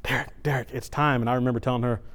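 A middle-aged man preaching at a church service, telling a personal story in a conversational, animated way with frequent restarts. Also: medium pitch, very fast.

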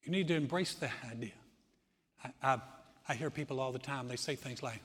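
A man preaching a sermon as pastor, telling stories with lively acted-out quotes. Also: medium pitch, a little fast, breathy edge, in a large hall. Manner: animated storytelling, acting out quoted voices.

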